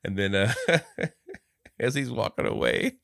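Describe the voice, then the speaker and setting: A man's voice: lowish voice, wildly swooping pitch, a little slow, creaky, fairly bright tone, dry recording. Man, podcast co-host, casual movie recap, acts out lines, swears a lot, dead dry sound. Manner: retells scenes acting out lines, swears freely. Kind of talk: casual movie review chat.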